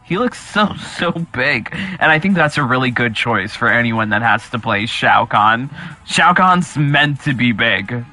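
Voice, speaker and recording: A man co-hosting a casual live stream, reading chat comments aloud and reacting with excitable, exclamatory energy. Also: medium pitch, measured pace. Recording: music playing behind the voice.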